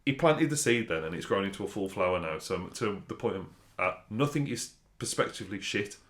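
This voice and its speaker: A man with a lowish voice chats with friends on a podcast. He tells rambling anecdotes in a dry tone and swears casually. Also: animated, brisk, fairly bright tone. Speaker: podcast co-host. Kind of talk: casual chat.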